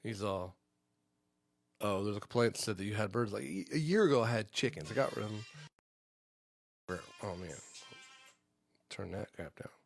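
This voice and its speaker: A man hosting a comedy podcast live stream from home, telling a rambling, profane story in a casual, animated way. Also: lowish voice, moderate pace, vocal fry, long pauses, no echo, faint music behind. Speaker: podcast host.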